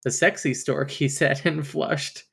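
A woman's voice: sits low, steady tone, measured pace, vocal fry, a bit bright, husky. A woman co-hosting a podcast, recapping a romance novel in a wry, candid way and laughing often. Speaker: podcast co-host. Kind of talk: casual book discussion chat.

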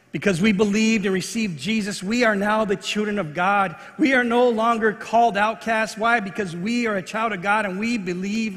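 A man's voice: sits high, a bit bright, big-room sound. A man pastor preaching a sermon in earnest, repeating phrases for emphasis.

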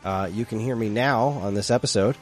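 A man appearing as a podcast guest, speaking casually and relaxed with hesitant fillers. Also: lowish voice, a little fast, faint music behind.

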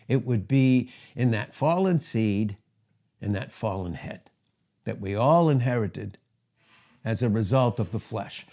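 A man's voice: medium pitch, darkish tone. A man preaching a sermon, emphatic, who repeats words for stress and asks rhetorical questions. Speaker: pastor.

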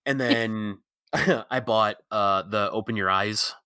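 A joking, casual man co-hosts a podcast, cracking puns and swearing lightly as he chats. His voice is bright and forward, recorded dry and close on a podcast mic. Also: on the low side, clean tone, dry recording. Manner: jokey, swears, quick to laugh. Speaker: podcast co-host. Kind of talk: casual chat.

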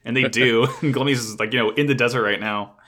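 A man co-hosting a podcast, recapping an anime episode in excitable, swear-heavy casual chat and acting out characters' lines. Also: medium pitch, fairly quick. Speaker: podcast co-host.

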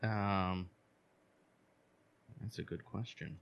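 A man playing a tabletop game, speaking in a thoughtful, unhurried way. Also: deep voice, fairly even intonation, clear, resonant tone, dull audio. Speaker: player.

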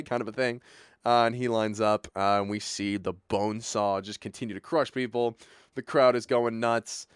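A young man chatting casually as a podcast co-host, animated and full of filler words, acting out bits of dialogue. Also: on the low side, normal speed, clear, resonant tone, no room sound, studio quality. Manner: animated, lots of filler words, acts out lines. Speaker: podcast co-host recapping a movie. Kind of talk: casual chat.

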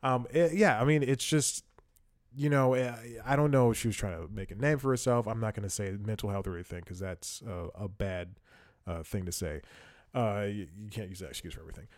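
Young guy rambling thru a work story, lots of ums and restarts, lowish voice. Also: a little fast, a little mellow, no echo, studio quality. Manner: rambling, many fillers and restarts, wry laughs. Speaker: podcast host. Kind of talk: casual storytelling monologue.

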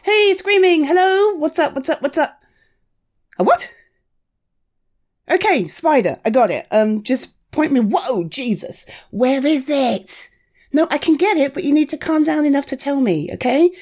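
A woman with a high voice, speaking a little slowly, plays a caring young woman in an audio role-play. Though sounding alarmed, she calmly reassures a frightened friend, repeating gentle, soothing words.

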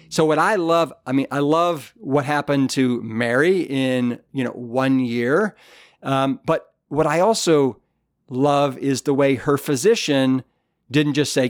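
In clean studio audio with no room sound, a male author appears as an interview guest, speaking in an unhurried, medium-pitched voice. Keen and sincere, he spins stories conversationally, often restarting sentences and using lots of filler words.

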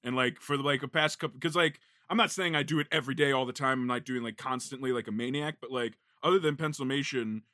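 A male podcast host with a bright, forceful tone, recorded close and dry with no room sound. He keeps things easygoing and laughs along readily as he chats about voice work. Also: medium pitch, fast, hardly any pauses, no room sound. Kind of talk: casual podcast chat.

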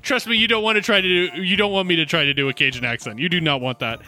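A man's voice: high voice, quick pace, bright, forceful tone, soft background music. A man co-hosting a podcast in casual chat, playful and joking, telling stories with frequent restarts. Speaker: podcast co-host.

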